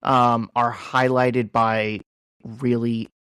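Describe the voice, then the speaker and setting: A man's voice: medium pitch, little pitch movement, very slow, a bit bright, clear, resonant tone, dry recording, clean studio sound. A man hosting a podcast, chatting casually and retelling a comic book story with lots of fillers. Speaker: podcast host.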